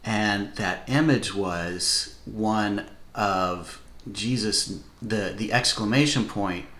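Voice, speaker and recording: A man co-hosting a casual faith podcast, reflective and growing animated when excited. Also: on the low side, slow. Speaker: podcast co-host who has preached. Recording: roomy echo.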